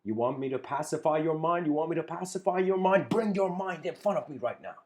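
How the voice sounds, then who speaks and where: A man's voice: on the high side, expressive, fairly quick, darkish tone, voice pushed up, natural voice. A man voicing a commanding Zen master who challenges a pupil, raised and insistent, repeating himself.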